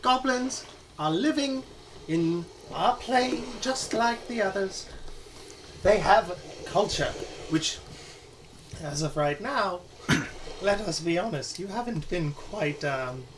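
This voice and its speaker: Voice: medium pitch, expressive, takes it slowly, long pauses, far from the mic, background noise, pitched above the performer's own voice. A player voicing a pompous, eccentric academic professor who lectures in a lofty tone. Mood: lecturing.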